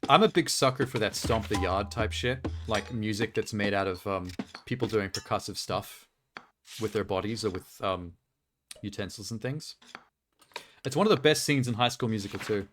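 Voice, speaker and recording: A man's voice: on the low side, moderate pace, noisy background. Blunt, joking male streamer. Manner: blunt, profane, joking asides. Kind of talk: casual live-stream gameplay commentary. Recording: game music playing behind.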